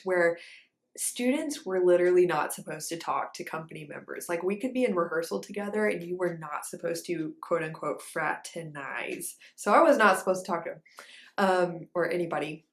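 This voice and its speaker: Chatty woman in an echoey room. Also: lowish voice. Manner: animated, chatty, lots of fillers. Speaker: ballet dancer and vlogger. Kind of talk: casual storytelling.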